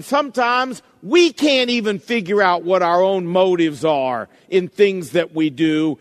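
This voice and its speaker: A middle-aged man delivers a sermon in a fairly high voice, laying each point out slowly and deliberately. He leans on emphasis and rhetorical questions. His voice rings with a long reverb from a large hall. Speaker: pastor.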